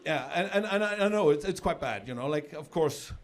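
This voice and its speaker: Expressive and brisk, this slightly high male voice belongs to a middle-aged South African comedian. On a comedy club stage, he delivers a chatty set, often repeating words to build a joke, with live laughter in the recording.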